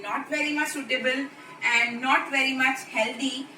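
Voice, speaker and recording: A woman's voice: high-pitched, fairly even intonation, moderate pace, bright, forceful tone. A woman from India with an Indian English accent, giving a lecture video and explaining terms step by step. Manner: explanatory, repeats key terms. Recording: echoey room, mic at a distance, background noise.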